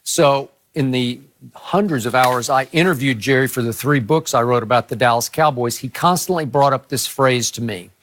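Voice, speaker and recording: A man in his sixties, co-hosting a sports debate show, telling anecdotes in a measured, explanatory way. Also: mid-range voice, fairly bright tone, slight background noise. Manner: measured, anecdotal, lots of murmured "mm" as he listens.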